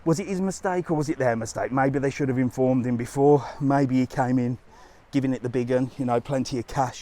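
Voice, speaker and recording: A man's voice: mid-range voice, a little fast, mellow. Chatty blunt Englishman on a live walk. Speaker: travel vlogger livestreaming. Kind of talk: casual live walking stream. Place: outdoors on a seafront promenade.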